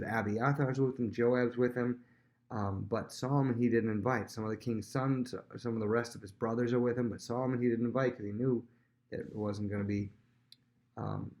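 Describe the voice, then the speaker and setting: A man teaching a casual Bible lesson, retelling the story in a chatty way with lots of fillers and quick acted-out quotes. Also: on the low side, darkish tone. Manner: chatty, many fillers, acts out quotes in voices.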